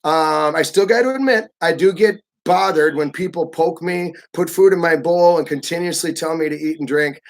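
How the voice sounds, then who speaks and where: Animated man vlogging casually. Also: on the high side, normal speed, few pauses. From United States. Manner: animated, acts out pushy voices of others. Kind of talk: casual livestream talk.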